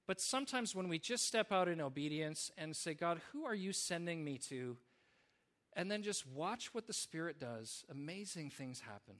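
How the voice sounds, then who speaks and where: A man's voice: high-pitched, fairly bright tone. A man preaching a sermon, telling stories in an earnest way with small restarts. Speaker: pastor.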